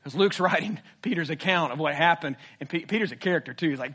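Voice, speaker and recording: A male pastor preaching a sermon, animated, with swings from hushed to loud. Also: a little high, fast, few pauses, slightly rough.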